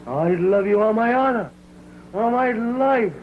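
A man's voice: high voice, lively intonation, a little slow. An actor playing a pompous, clumsy romantic leading man who speaks in grandiloquent, overblown declarations. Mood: grandiose. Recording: tinny 1920s film soundtrack with hiss.

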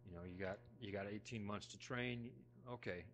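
A middle-aged man preaching a sermon as pastor, talking conversationally with folksy, self-deprecating humor, moving between loud emphasis and hushed asides. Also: lowish voice, normal speed, a little hiss or hum. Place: church sanctuary.

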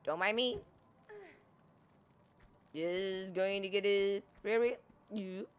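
A woman's voice: medium pitch, slow, smooth. A woman giving casual, chatty gameplay commentary, talking to the on-screen character and swearing freely. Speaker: gaming streamer.

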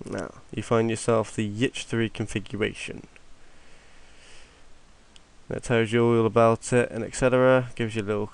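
A man's voice: lowish voice, little pitch movement, moderate pace, creaky, long pauses, smooth. A young man, rambling offhandedly through a screen-recorded game tutorial while fighting a cold. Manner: offhand, rambling, mutters to himself. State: has a cold. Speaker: tutorial maker.

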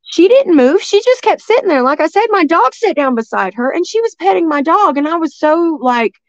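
A woman from East Tennessee with a Southern accent, telling a story as a guest in a rambling, excitable way full of restarts. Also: extremely high pitch, fairly quick, dry recording, dull audio. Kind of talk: casual storytelling.

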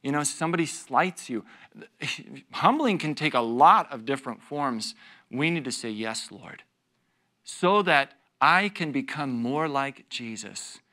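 A man preaching a conversational sermon, telling stories about himself with laughter and quick asides to the congregation. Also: fairly high pitch. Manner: animated, self-deprecating storytelling with laughs and asides to the congregation. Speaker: pastor teaching a Bible study. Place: church.

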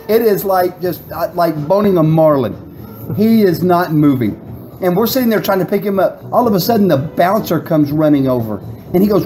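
Middle-aged guest, rambling and laughing, mellow tone. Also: male voice, high voice, low-quality recording. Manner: rambling, laughing storyteller with restarts. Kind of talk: casual storytelling.

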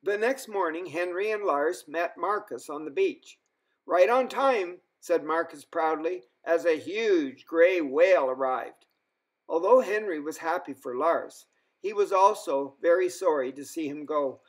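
A man reading a children's story aloud as a storyteller, in an expressive way. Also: a little high. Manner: slow, expressive.

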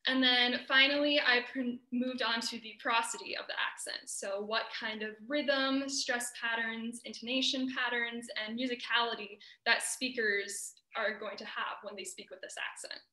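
A woman's voice: a little high, fairly even intonation, normal speed, hardly any pauses, pushed and bright, echoey room, poor audio. A young American woman giving an earnest, explanatory student presentation over a video call. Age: young adult.

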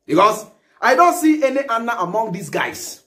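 A man with a Ghanaian accent delivers satirical commentary as the host of a reaction show. His voice sits unusually high, and he rants theatrically and animatedly. He often slips into a sing-song repetition of phrases. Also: very animated, moderate pace, pushed and bright.

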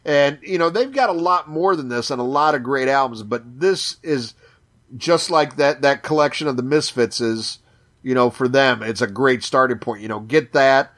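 A man's voice: medium pitch, normal speed, a bit bright. A man co-hosting a podcast in casual chat, with a Chicago accent, cursing a lot, gushing and often repeating words. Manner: profane, enthusiastic, repeats words. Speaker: podcast co-host.

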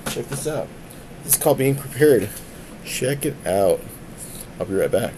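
A man's voice: mid-range voice, animated, normal speed, noisy background. A man streaming from a tablet, a musician who rambles casually, jokes around and keeps slipping into silly voices. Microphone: tablet mic.

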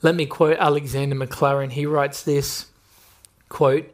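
A man's voice: fairly high pitch, flat delivery, a little slow. A male pastor preaching a sermon, earnest and pressing direct questions at his listeners.

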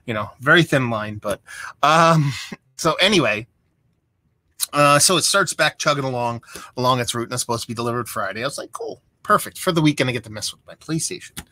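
A young adult man talks straight to camera in a casual vlog, rambling and exasperated as he tells his story. His voice is bright and forceful, and the sound is dry and close, with no room echo. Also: mid-range voice, brisk. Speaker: beer vlogger.

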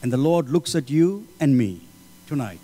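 A man preaching a sermon, swinging between loud pleading passages and low, solemn lines. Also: lively intonation, normal speed. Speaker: pastor. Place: church hall. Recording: hall reverb with mains hum.

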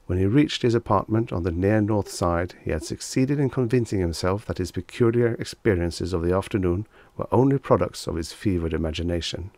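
A man narrating a vintage short story as an audiobook reader, in a steady storytelling manner. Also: deep voice, a little fast, few pauses.

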